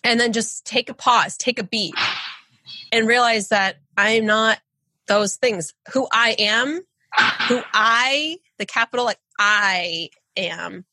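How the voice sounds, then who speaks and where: A woman's voice: a little high, slow pace, pushed and bright, no echo. A woman guest on a podcast, speaking earnestly and encouragingly about intuition in casual conversation.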